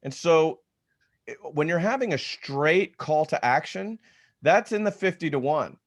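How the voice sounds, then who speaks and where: Lively man teaching on a video call. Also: a little high, a little slow. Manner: energetic, conversational, with frequent restarts. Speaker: real estate trainer. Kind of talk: webinar teaching talk.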